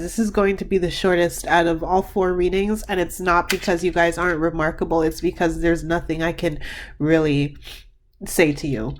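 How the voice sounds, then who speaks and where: Low-voiced woman giving a card reading. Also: slight background noise. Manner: gushing, emotional, rambling with many restarts. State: tearful. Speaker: tarot card reader. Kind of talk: pick-a-card reading to camera.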